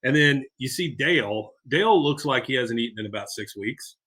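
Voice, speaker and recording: A man co-hosting a podcast, walking through an episode in a loose, chatty recap. His voice is bright and forceful. He is mid-pitched and sprinkles in filler "uh"s and wry asides. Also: animated, normal speed, husky. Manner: retells scenes with filler "uh"s and side jokes. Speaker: podcast co-host.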